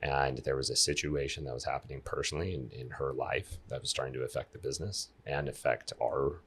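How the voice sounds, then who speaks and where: A man in his thirties speaks in a very low, gravelly register with a husky edge. He is a guest on a podcast and tells his stories with energy, turning now and then to speak straight to the listeners. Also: fairly quick. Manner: animated storyteller who addresses listeners directly. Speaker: life coach guest. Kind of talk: casual podcast interview.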